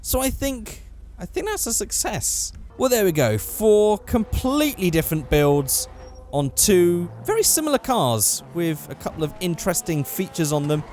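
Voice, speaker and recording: Young guy rambling thru game commentary, swears a lot, high voice jumping all over. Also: big pitch swings, moderate pace, a little mellow, soft background music. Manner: rambling, self-correcting, swears casually. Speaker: gaming YouTuber. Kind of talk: casual gameplay commentary.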